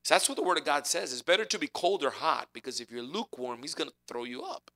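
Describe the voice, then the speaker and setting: A man delivers a sermon with a bright, ringing edge to his voice. He preaches conversationally and with animation, slightly higher-pitched than most men. He drops to quiet, intimate asides before climbing back up. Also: expressive, fast talker. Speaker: pastor.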